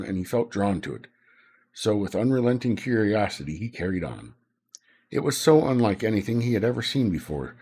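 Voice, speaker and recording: Low, husky-voiced man reading aloud. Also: darkish tone. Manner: casual asides between read passages. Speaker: streamer. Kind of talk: reading a game manual aloud on stream.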